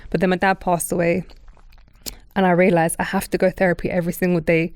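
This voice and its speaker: A woman's voice: lowish voice, quick pace, clear, resonant tone, no room sound, studio quality. A woman, hosting a podcast and telling her own story candidly, acting out the people in it. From Britain. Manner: candid, animated storytelling with quoted voices. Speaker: podcast host. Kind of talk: casual chat.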